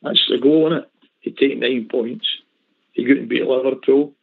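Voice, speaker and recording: Male caller, passionate, gravelly, phone-line sound. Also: medium pitch, steady tone, normal speed. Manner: emphatic, passionate about football. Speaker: regular caller. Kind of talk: casual phone-in chat. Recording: phone-line call audio.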